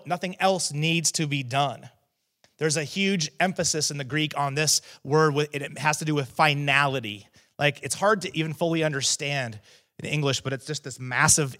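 A man preaching a sermon as teaching pastor, talking in a conversational way with asides to the congregation, then rising to loud, emphatic proclamations on key phrases. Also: mid-range voice.

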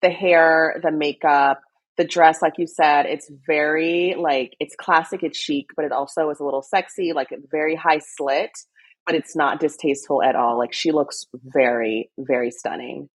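A young woman co-hosting a casual fashion chat, excitable and animated, squealing when she gets excited. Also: low voice, normal speed, husky. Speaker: co-host.

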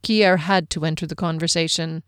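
Audiobook narrator, fantasy story, measured reading, smooth voice, dry close mic. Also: mid-range voice, steady tone, fairly bright tone, no room sound.

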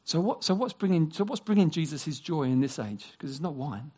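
A man preaching a sermon, animated, acting out quoted voices and dropping into hushed, near-whispered passages. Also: fairly high pitch, fairly quick, breathy edge. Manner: animated, acts out quoted voices, drops to a hush.

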